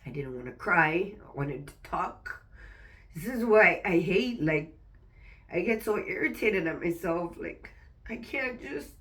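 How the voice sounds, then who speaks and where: A woman's voice: lowish voice, lively intonation, fairly bright tone, recorded from a distance. A woman venting in a personal vlog while fighting back tears, swearing often and stopping mid-sentence to restart. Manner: raw, swearing, halting restarts.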